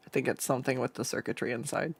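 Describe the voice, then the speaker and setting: A livestreaming artist chats casually while drawing, rambling with profanity and stumbling restarts into a desk microphone at home. The voice is medium-pitched, gravelly and husky, with fairly even intonation and a fast delivery. There's no room sound.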